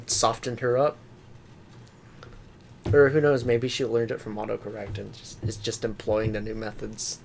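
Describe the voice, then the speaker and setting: A man co-hosting a podcast in casual chat, joking around and quick to laugh. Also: on the low side, little pitch movement, vocal fry, darkish tone. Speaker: podcast co-host. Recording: faint background noise.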